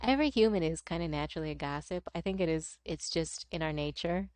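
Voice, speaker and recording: Her voice sits low with a darkish tone, and this young woman talks fast as she chats during gameplay on her stream. She rambles, swears and laughs a lot, all in studio-quality sound without room sound.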